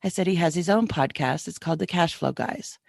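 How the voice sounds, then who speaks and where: Brisk and on the low side with vocal fry, this middle-aged woman's voice is captured in studio quality without room sound. As a podcast host she tells a casual story, chattily reenacting the back-and-forth of what everyone said.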